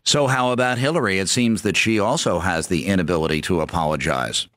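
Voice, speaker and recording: A man hosts a radio interview from a dry, close studio mic. His voice sits on the low side, and he talks conversationally as he lays out his questions. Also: fairly quick, a bit bright, dry recording. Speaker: radio show host.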